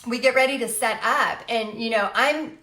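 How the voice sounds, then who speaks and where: Woman in her late 30s, livestream host, chatty and animated storyteller, slightly high voice, roomy echo. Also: normal speed. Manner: chatty, animated, frequent fillers. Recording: echoey room.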